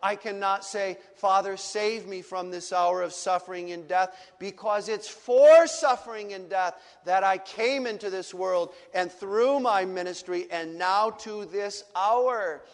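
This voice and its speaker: A man preaching who voices Jesus as a grown man pleading in anguished prayer, emphatic and building louder, in a reverberant hall. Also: high voice, unhurried, few pauses.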